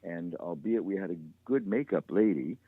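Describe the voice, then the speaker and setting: An older man, creator of a show, telling stories in a matter-of-fact, relaxed way during an interview on a call. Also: low-pitched, moderate pace, dry recording. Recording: tinny phone line, dry.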